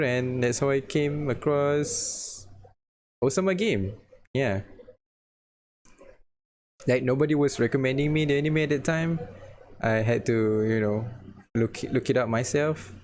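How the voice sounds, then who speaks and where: A man's voice: mid-range voice, darkish tone, slight background noise. A man co-hosting a casual podcast chat, stuttering and restarting often, with frequent laughs. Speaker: podcast co-host.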